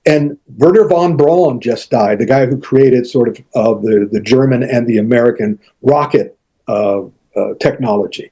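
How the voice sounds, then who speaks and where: Older man, husky, mellow storyteller. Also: mid-range voice, normal speed. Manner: animated anecdotes, acts out quotes, frequent restarts. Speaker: interview guest, author. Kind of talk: casual storytelling interview.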